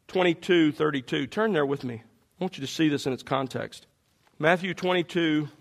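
A man preaching a sermon, walking listeners through passages and speaking to the congregation directly. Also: on the high side. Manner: animated expository preaching, addressing the congregation directly.

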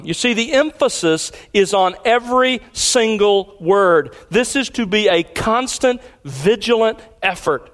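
A man preaching a sermon, deliberate and emphatic, repeating key lines slowly for weight. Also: high voice, animated. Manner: deliberate preaching cadence with pauses. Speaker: pastor.

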